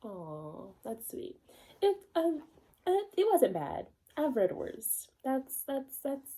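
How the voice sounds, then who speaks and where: Woman, casual read-aloud, chatty self-mocking asides, mellow tone. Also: sits high, big pitch swings, takes it slowly. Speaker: host reading fan fiction aloud.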